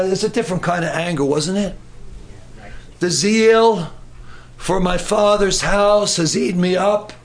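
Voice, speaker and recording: A middle-aged man preaching a sermon in an animated way, acting out voices and breaking into shouts. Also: high voice.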